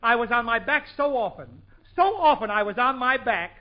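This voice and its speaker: High-voiced man doing 1940s radio comedy. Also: expressive, moderate pace. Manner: bouncy, joke-punching delivery with frequent laughs. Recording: muffled 1940s radio broadcast with studio audience.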